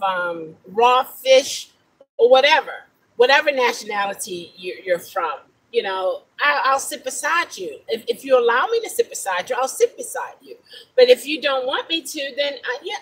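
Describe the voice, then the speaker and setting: Husky-voiced woman in an animated vlog. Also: high voice, low-quality recording. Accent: African-American English. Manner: animated, incredulous storytelling. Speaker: rideshare driver vlogger. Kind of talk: casual talking-to-camera vlog.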